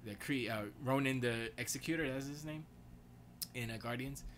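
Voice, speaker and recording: Male stream host, bright and sharp tone, casual slangy banter, faint background hiss. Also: mid-range voice, moderate pace. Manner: loose, excitable, slangy rambling. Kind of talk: casual gaming and movie chat. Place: home studio.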